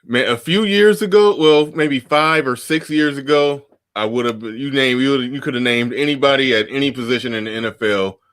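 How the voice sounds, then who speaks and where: A man hosting a casual chat show, relaxed and reading out viewer comments. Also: mid-range voice, normal speed, few pauses, smooth, no room sound, studio quality. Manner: laid-back, reads viewer comments aloud. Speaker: podcast host.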